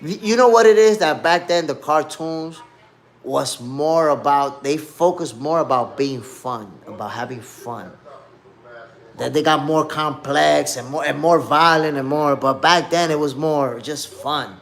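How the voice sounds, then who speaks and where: A man in his fifties hosts a live stream in a loose, slangy, animated way. He reminisces eagerly while answering the chat, and his voice sits a bit high for a man. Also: a little slow. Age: 50s. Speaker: boxing podcast host.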